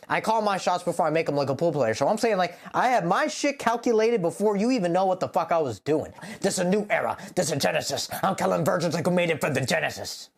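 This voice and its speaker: A man talking casually as a rapper, explaining the meaning of his own lyrics in a rambling, profane way, full of "like.". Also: high voice. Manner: rambling, profane, heavy use of "like". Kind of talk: casual lyric breakdown to camera.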